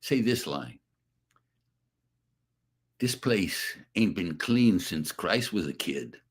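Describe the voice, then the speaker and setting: An older man, an actor guest, telling animated, profane stories and acting out the quotes in casual chat. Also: a little high. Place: radio studio or remote call.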